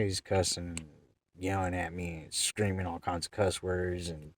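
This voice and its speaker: A young man tells a rambling, profane story in casual slang. His voice is deep and low. The sound is dry, picked up from a little distance off the mic. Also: flat delivery, measured pace, no echo. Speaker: vlogger.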